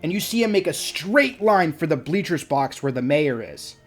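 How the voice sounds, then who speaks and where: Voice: mid-range voice, lively intonation, normal speed, faint music behind. A game master narrating a tabletop game in a casual way, with many fillers and restarts.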